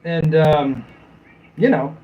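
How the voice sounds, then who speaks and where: A man's voice: on the high side, slow pace, lo-fi sound. A middle-aged man hosting a live stream, chatting casually, rambling and laughing often as he mocks commenters.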